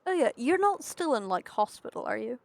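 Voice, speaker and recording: A woman's voice: high-pitched, big pitch swings, brisk, gravelly, no room sound. A young woman streaming a building game, thinking aloud in a hesitant way and chatting to her viewers. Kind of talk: casual commentary while playing a building game.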